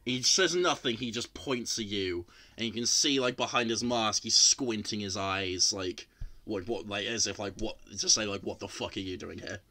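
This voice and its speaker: A man's voice: fairly low pitch, moderate pace, bright, forceful tone. A man running a tabletop game on a stream, describing scenes loosely with lots of fillers. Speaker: game master. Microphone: headset or desk mic, streaming.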